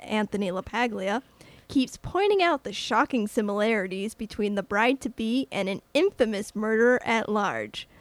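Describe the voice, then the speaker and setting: A woman's voice: on the high side, no room sound. A young woman co-hosting a podcast in casual chat, giggling often and stumbling over restarts. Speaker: podcast co-host.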